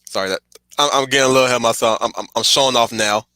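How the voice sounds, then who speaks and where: Male streamer, excitable and digressive, bright tone, dry close sound. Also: medium pitch, very fast, clear, resonant tone, dry recording. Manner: excitable, digressive, laughs often. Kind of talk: casual rambling commentary.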